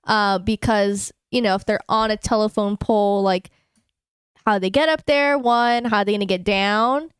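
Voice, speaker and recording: Smooth-voiced teasing woman co-host. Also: medium pitch, moderate pace, no echo, studio quality. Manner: playful, teasing, swears freely. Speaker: podcast co-host. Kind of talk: casual chat.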